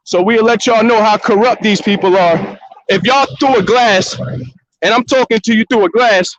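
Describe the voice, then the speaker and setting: Man, argumentative, repeats himself, high-pitched, recorded on a phone, muffled lo-fi sound. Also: moderate pace, fairly bright tone, a little hiss or hum. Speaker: vlogger confronting court staff. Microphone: phone held by the speaker.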